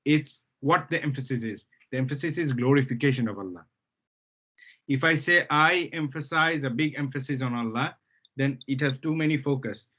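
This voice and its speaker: A man's voice: medium pitch, normal speed, fairly bright tone. Patient male Arabic teacher, lo-fi. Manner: patient, repeats key terms, checks understanding with "okay?". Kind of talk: live language lesson. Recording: dull lo-fi sound.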